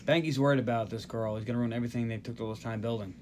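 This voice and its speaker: Man recapping a movie, animated. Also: mid-range voice, rapid-fire, a little hiss or hum. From Northeast US. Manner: animated retelling of scenes, frequent laughs. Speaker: podcast host. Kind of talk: casual movie recap chat.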